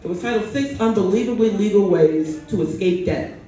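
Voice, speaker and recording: A woman performing a stand-up comedy set on a bar stage, with a deadpan delivery that keeps tagging jokes with "right?". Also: medium pitch, fairly quick, soft background music. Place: bar stage in front of a crowd. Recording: echoey room, mic heard from a distance.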